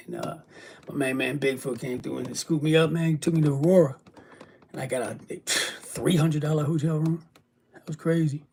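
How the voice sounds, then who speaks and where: With a gravelly, fairly high voice that's a little mellow, this weary, sick man speaks a bit fast in a casual vlog to his viewers. He rambles, curses freely, and gets emotional, and there's a slight hiss or hum on the recording.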